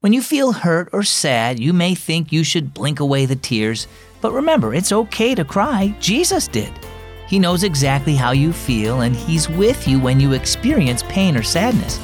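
A man's voice: a little high, big pitch swings, moderate pace, faint music behind. A man hosting a children's devotional program, reading scripted narration in an encouraging storyteller's way.

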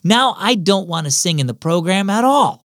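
A man's voice: sits high, lively intonation, moderate pace, fairly bright tone, no echo, studio quality. A man voicing a young girl who sulks about her boring choir part, with a whiny, pouting manner. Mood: sulky.

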